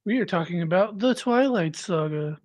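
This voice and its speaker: A man's voice: sits high, lively intonation, normal speed, darkish tone, no echo. A man in his thirties co-hosting a casual podcast, laid-back and joking, mostly with short replies. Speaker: podcast co-host. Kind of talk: casual live-stream podcast chat.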